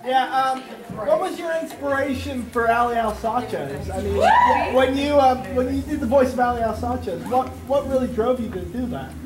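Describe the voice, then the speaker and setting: A man's voice: very high voice, expressive, moderate pace. A man in a convention audience asking a question, hesitant and full of ums. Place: large convention hall. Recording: echoey hall, loud crowd noise.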